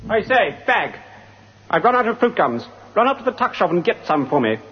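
A pompous upper-class English captain barks orders in a plummy, lively voice that rides a little high. His voice bounces up and down as he bosses people about. The recording sounds dull and lo-fi. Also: fairly quick, music in the background. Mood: bossy. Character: pompous posh English cricket-style team captain, bossy.

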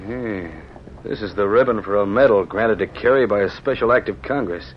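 A man playing a raspy crooked card cheat. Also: fairly low pitch, normal speed, close to an everyday voice. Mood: scheming. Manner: gruff and scheming. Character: sneering crooked male cafe keeper and card cheat. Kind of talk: 1930s radio drama acting. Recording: hissy muffled vintage radio recording.

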